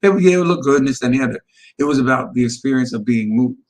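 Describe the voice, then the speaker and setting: A man's voice: mid-range voice, fast, rough recording. A man hosting a casual spiritual chat who jumps in eagerly and repeats his phrases for emphasis. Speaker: host.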